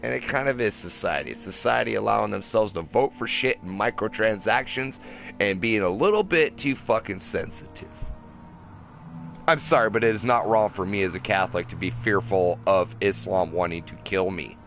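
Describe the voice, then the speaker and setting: A young man with a low, deep voice delivers a heated, profane rant, preachy and pissed off. He talks from his car, with faint music playing behind him. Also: normal speed, vocal fry, a bit bright. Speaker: vlogger. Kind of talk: angry ranting monologue. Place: in a car at a drive-through.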